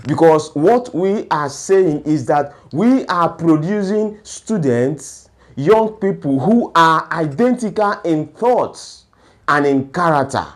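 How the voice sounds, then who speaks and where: Slow, deliberate man lecturing. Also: on the high side, expressive. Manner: slow and deliberate, asks rhetorical questions then answers them. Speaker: education speaker. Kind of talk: lecture-style talk.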